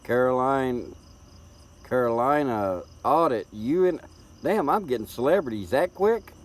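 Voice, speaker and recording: With a medium pitch and an animated yet unhurried delivery, a middle-aged Southern-accented man from Tennessee rambles casually while hosting a live stream. He's folksy and repeats words as he talks, recorded through a tablet's built-in mic.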